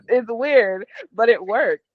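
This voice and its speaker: A woman's voice: on the high side, lively intonation, slow, no room sound. Woman, candid storyteller, laughs often, tinny phone-like sound, dry. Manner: open and emotional, laughs often. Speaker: guest.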